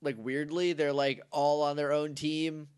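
A man's voice: on the high side, a little slow, clean tone. A man co-hosting a podcast, chatting casually and acting out characters' lines as he recaps a TV episode. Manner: animated, acts out characters' lines mid-story. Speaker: podcast co-host.

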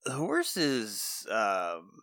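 Slow, wry man with an expressive voice. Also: lowish voice, no echo. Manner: dry, wry jokes, laughing. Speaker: podcast co-host. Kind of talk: casual chat.

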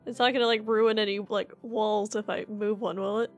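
A woman's voice: medium pitch, fairly even intonation, moderate pace, soft background music. A woman playing in a tabletop role-playing game, saying what her character does in a casual, slightly hesitant way. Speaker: player. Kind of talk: tabletop role-play, declaring actions.

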